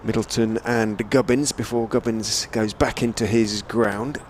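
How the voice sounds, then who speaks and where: A man calls a one-day cricket match ball by ball in a low, easy voice. He chats between deliveries and lifts his energy when a shot races to the boundary. A faint hum of outdoor noise sits behind him. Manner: measured, chatty, lifts to excited calls on big shots. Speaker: cricket commentator. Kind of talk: radio-style ball-by-ball commentary. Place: commentary position on a stadium hotel roof.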